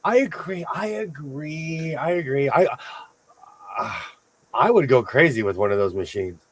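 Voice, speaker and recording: A man's voice: a little high, unhurried, slight background noise. Chatty man hosting a sewing stream. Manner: chatty, animated storytelling with playful asides. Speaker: host of a sewing show. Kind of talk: casual livestream chat.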